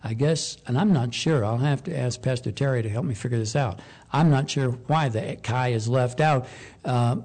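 A man preaching a sermon, measured and deliberate, slowing down and rising in pitch on key points. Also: a little mellow. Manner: measured, slows for emphasis, rises on key points.

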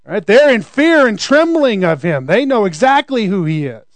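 Man, high voice, sermon, conversational, rhetorical questions, dry close sound. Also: big pitch swings, measured pace, dry recording. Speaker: preacher.

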